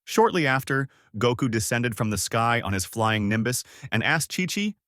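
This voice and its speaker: A man narrates a fan story in a plain, steady way. His pitch is in the middle range but moves around a lot. The sound is dry and close. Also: moderate pace, dry recording.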